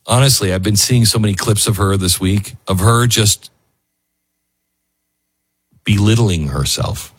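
A man's voice: lowish voice, a little slow, long pauses, husky, no echo. A man hosting a talk radio show, musing in an emotional, rambling monologue full of restarts.

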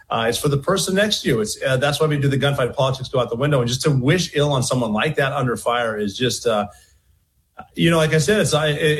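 A man heard in a recorded interview clip, speaking with earnest indignation. He halts and restarts often as he searches for words, at a middle pitch. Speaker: veteran interviewee.

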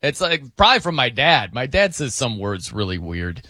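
A man's voice: mid-range voice, very animated, normal speed, bright, forceful tone, dry recording, clean studio sound. A man hosting a radio show, chatting casually with a co-host, laughing and mimicking how people pronounce words. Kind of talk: casual on-air banter.

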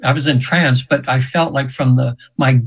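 A man's voice: mid-range voice, fairly even intonation, normal speed, slightly rough, poor audio. A man in his seventies telling stories as a guest in an interview, rambling with fillers and restarts, sometimes acting out voices he quotes. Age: 70s. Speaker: guest hypnotherapist. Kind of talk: casual storytelling in an interview.

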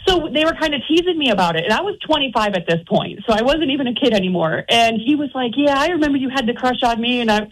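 A woman's voice: high voice, lively intonation, fast talker, few pauses, poor audio. A woman calling into a radio show, chatting through a story and acting out both sides. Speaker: caller. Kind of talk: telling a story on a call-in show.

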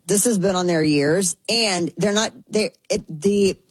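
A woman's voice: mid-range voice, measured pace, slightly rough, dry recording, rough recording. A woman hosting a talk show in a chatty, sarcastic way, often slipping into mocking voices. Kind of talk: casual commentary.

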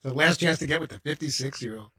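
Husky man in his fifties joking. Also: a little high, fast talker, bright, forceful tone. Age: 50s. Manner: joking, self-deprecating. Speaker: show regular. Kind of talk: casual talk show banter.

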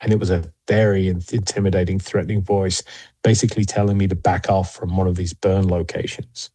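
A man as an interview guest, telling investigation stories in a measured way with frequent pauses and fillers. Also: sits low, level tone, mellow, breathy edge, no room sound. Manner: measured, many fillers and restarts. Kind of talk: interview storytelling.

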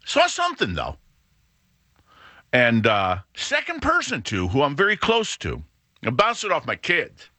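Rambling middle-aged man, lively bright voice. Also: fairly high pitch, measured pace, long pauses, no echo. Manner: rambling, self-interrupting, wry. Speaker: show host. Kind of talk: casual monologue.

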